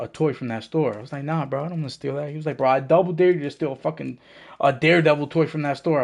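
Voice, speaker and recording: A man's voice: on the high side, lively intonation, fast talker. A young man, telling a story on a gaming stream in casual, profane talk and acting out the voices in it. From the Bronx, New York.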